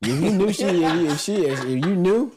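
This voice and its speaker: A man's voice: high voice, lively intonation, a little fast, a little mellow, a little hiss or hum. A man hosting a podcast in casual chat, laid-back and blunt, teasing his guest. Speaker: podcast host.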